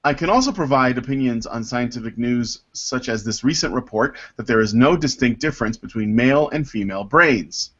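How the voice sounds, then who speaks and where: A man hosting a casual podcast panel, reading out listener mail in a halting, rambling way with many fillers. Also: medium pitch, a bit bright, dull audio. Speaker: podcast host.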